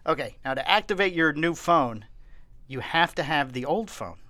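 Animated storytelling man, dry close mic. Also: a little high, moderate pace, dry recording. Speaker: podcast co-host. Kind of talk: casual chat and read ad.

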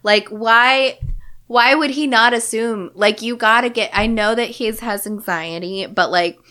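A woman co-hosting a podcast in casual chat, expressive and quick to laugh, swearing casually. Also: a little high. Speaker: podcast co-host.

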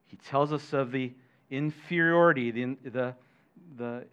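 A middle-aged man preaching a sermon as pastor, animated, questioning his listeners and adding jokey asides. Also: medium pitch, measured pace, clean tone. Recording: dull lo-fi sermon recording.

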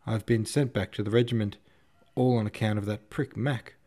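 A man's voice: fairly low pitch, steady tone, normal speed, dark tone, natural voice. A man voicing a brash young officer announcing news. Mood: excited.

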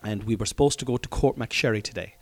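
A man's voice: lowish voice, fast. A man hosting his own comedy podcast, talking in a rambling, jokey way and swearing casually, recorded in a room at home.

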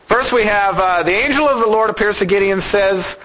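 A man preaching a sermon in an animated way, acting out the voices of the people he talks about. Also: high voice, moderate pace, low-quality recording.

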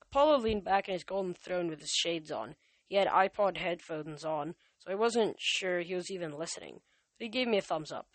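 A woman reading a novel aloud, speaking the characters' lines louder and higher than the narration. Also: brisk, dry recording. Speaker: reader. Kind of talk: amateur audiobook reading.

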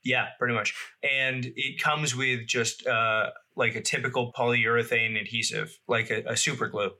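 A man's voice: mid-range voice, fairly even intonation, moderate pace, pushed and bright. A man from the Boston area co-hosting a podcast, reading facts aloud in casual chat and laughing often. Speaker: podcast co-host.

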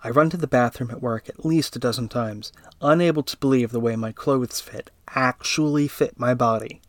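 Guy narrating a story, mid-pitched voice, super dry no room sound. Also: normal speed, no echo. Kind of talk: first-person story reading.

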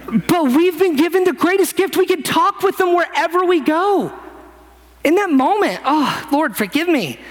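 A man's voice: very high voice, expressive, normal speed. A young man preaching a sermon in a conversational, self-deprecating storytelling manner, getting emotional and close to tears. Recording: music playing behind.

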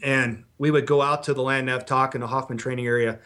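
A middle-aged man spins stories about training soldiers, blunt and peppered with profanity. His voice sits in an ordinary middle pitch, and he talks like a seasoned instructor holding court on a podcast. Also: quick pace. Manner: blunt, profane, animated storyteller. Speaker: former Special Forces instructor. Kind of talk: podcast storytelling.

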